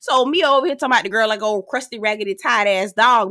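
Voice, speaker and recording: A woman's voice: on the high side, racing, few pauses, pushed and bright. A woman, giving a sassy, slang-filled recap of a reality show with mock voices. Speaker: reality TV reviewer. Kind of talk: casual recap commentary.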